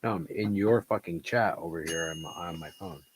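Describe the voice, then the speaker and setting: A man's voice: deep voice, moderate pace, noisy background. A man in his fifties hosting a casual birthday livestream, easygoing, reading out chat and swearing when flustered. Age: 50s. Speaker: livestream host.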